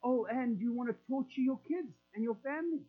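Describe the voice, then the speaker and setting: A man's voice: extremely high pitch, a little fast. A middle-aged man preaching a sermon in a folksy, conversational way, acting out prayers in quoted voices. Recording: tinny phone-like line with mains hum.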